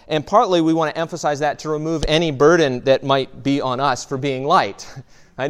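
A man's voice: a little high, fairly even intonation, normal speed, smooth. A man, a pastor, preaching a sermon in a conversational way, often checking in with "right?" and restarting phrases.

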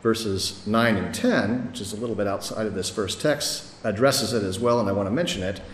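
A man's voice: fairly low pitch, moderate pace, a little hiss or hum. A middle-aged man giving a sermon as pastor, earnest and conversational, with some restarts. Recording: echoey hall, faint ambience.

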